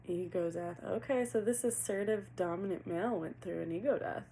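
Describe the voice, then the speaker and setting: Chatty gravelly-voiced woman reading tarot. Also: mid-range voice, mellow, slight background noise, low-quality recording. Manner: chatty, laughs often, asks cards questions aloud. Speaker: tarot reader.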